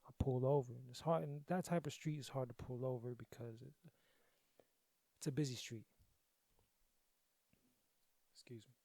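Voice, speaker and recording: Podcast host, young man, loose profane storytelling, emotional, warm low-key voice, dry mic. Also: steady tone, moderate pace, creaky, long pauses, no room sound. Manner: profane, conversational, repeats himself. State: grieving, emotional. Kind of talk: casual storytelling.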